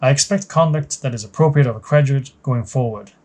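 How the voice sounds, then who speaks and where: Brief: commanding female captain, firm clipped orders, game story, voiced by a man with a mellow voice. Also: mid-range voice, fairly quick, natural voice. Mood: stern. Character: stern woman military captain, commanding.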